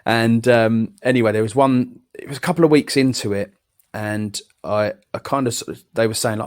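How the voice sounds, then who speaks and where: A man's voice: medium pitch, moderate pace, smooth. A man, hosting a casual live chat and telling a personal story with quoted voices and swearing. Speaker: podcast host.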